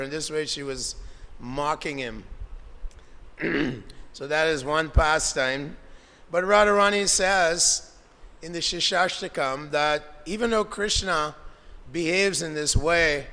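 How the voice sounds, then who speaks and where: A man's voice: fairly high pitch, slow, long pauses, sharp tone. A man giving a devotional lecture, narrating scripture stories with quoted dialogue and Sanskrit terms, in a temple hall. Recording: long hall reverb.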